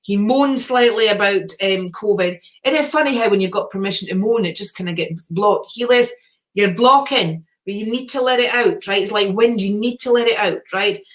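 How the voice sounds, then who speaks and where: A woman's voice: medium pitch, moderate pace. Middle-aged woman, live-stream host, chatty, swears freely, cheers on her viewers. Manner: chatty, encouraging, swears casually. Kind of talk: casual live-stream chat reading viewer comments.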